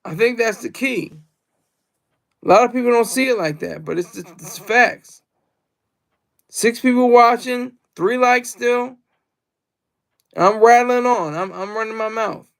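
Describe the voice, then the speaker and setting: High, gravelly-voiced man rambling on stream. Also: unhurried, pauses often. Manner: rambling and repetitive, reads chat aloud. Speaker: livestreamer. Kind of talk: casual livestream monologue.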